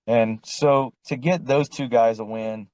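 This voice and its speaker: A middle-aged man tells a racing story in a loose, folksy way, circling back and acting out what others said. His voice sits at an ordinary middle pitch. The recording is close and dry. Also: steady tone, measured pace, darkish tone, dry recording, poor audio. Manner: rambling, folksy, acts out other people's lines. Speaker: crew chief, driver's father. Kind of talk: casual storytelling chat.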